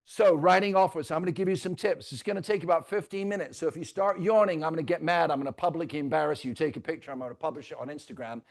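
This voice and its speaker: A man leading a live real estate training, teasing the audience and swinging between loud and soft. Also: fairly high pitch, fast, creaky, few pauses. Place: stage before a live audience.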